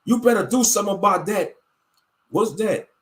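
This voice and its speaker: A man's voice: high voice, moderate pace, fairly bright tone, pitched above the performer's own voice. A man voicing a disapproving, bigoted old grandfather who scolds indignantly. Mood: scolding.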